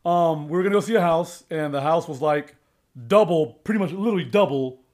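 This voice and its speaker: A man's voice: on the high side, brisk, darkish tone. A man hosting a podcast in casual chat, joking around with crude humor. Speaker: podcast host.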